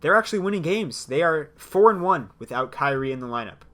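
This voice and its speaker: A young man hosting a solo sports podcast. He gives blunt opinions in a lively way and laughs between his points. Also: on the high side, a little fast. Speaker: podcast host.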